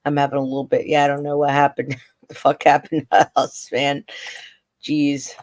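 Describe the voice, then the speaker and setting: Male host reacting to court video, fighting back tears, voice cracking; flat-toned, fairly high, dry close sound. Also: moderate pace, dry recording. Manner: choked up, voice cracking, blunt. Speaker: true crime livestream host. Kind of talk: emotional live commentary on court footage.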